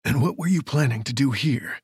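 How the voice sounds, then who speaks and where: A man voicing a protective male sheriff who gives sharp, urgent commands. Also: mid-range voice, fairly quick, slightly rough, dry recording, studio quality. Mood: commanding.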